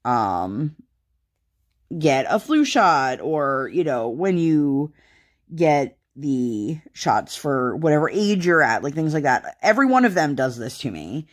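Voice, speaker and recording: Casting: woman, 30s, low voice, chatty rambling vlogger, lots of "um" and "like". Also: big pitch swings, slow. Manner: rambling, many fillers. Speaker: craft vlogger. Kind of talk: casual chat.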